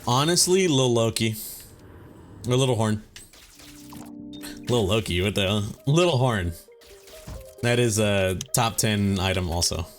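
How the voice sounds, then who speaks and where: A man's voice: fairly low pitch, lively intonation, a little slow, pauses often. A man hosting a gaming let's play, rambling and cursing casually with lots of filler words and joking swagger. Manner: mock-serious swagger mixed with jokes. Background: faint game music.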